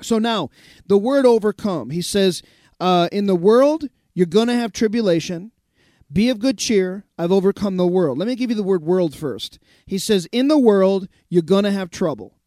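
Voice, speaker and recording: A man's voice: high voice, mellow, dry recording, studio quality. A man who pastors a radio show, preaching emphatically and reading out listener messages. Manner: emphatic preaching, repeats phrases.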